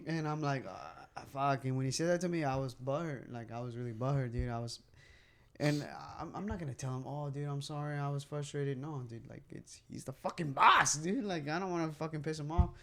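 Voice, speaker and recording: A man in his twenties, co-hosting a podcast in a small room, tells stories with lots of swearing and animated bursts. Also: a little high, a little fast. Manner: animated storyteller, heavy swearing. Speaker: podcast co-host. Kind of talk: casual chat. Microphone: podcast mic at a table.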